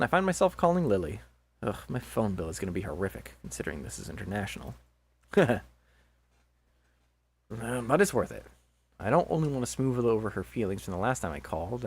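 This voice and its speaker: A man's voice: mid-range voice, breathy edge. A man casually reading a visual novel aloud and joking between lines, laughing often.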